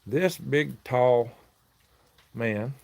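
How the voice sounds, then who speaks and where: A man's voice: mid-range voice, very slow, creaky. A man hosting a casual livestream, telling a rambling, aggrieved story. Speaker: livestream host selling worms.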